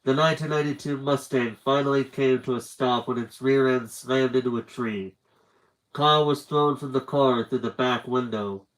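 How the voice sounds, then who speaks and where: A man reading a book aloud on a livestream, telling the story in a steady, earnest way. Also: medium pitch, normal speed, low-quality recording. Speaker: reader.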